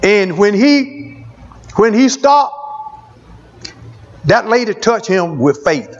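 A man's voice: high-pitched, sing-song, takes it slowly, highs cut off. A man preaching a testimony sermon, repeating phrases for emphasis.

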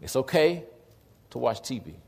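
A man's voice: medium pitch, moderate pace, gravelly, husky. A man in his forties preaching a sermon, telling stories animatedly and acting out dialogue. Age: 40s. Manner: animated storytelling, acts out dialogue. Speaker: pastor.

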